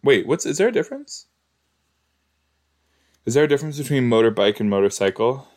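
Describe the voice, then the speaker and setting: A man's voice: medium pitch, sing-song, fairly quick, darkish tone. A man giving casual, exclamatory commentary while reacting to a show, talking back to the screen. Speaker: reaction video host.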